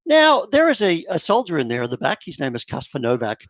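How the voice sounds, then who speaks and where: A man narrating as game master of a tabletop horror game, animated and full of quick asides. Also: on the high side, dry recording. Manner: animated, lots of fillers and asides.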